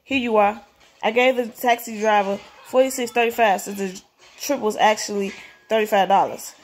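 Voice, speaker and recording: A woman's voice: mid-range voice, fairly even intonation, moderate pace. A woman reading a story aloud, breaking off for blunt, slangy comments of her own. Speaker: story reader.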